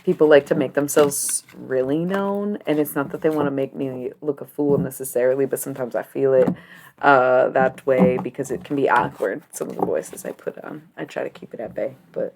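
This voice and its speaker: A woman's voice: very deep voice, fairly quick, vocal fry, a little mellow, a little hiss or hum. A young adult woman chatting casually on a livestream while reading cards, rambling, giggly and swearing freely.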